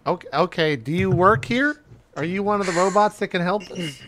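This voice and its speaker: A man playing a tabletop game, excitable and quick to blurt out questions. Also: high-pitched, a little hiss or hum. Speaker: player.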